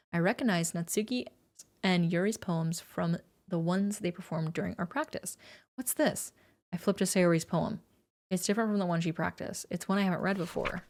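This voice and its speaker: A young woman streamer reading a visual novel's narration aloud, steady and earnest, with shrieking scared reactions in between. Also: fairly low pitch.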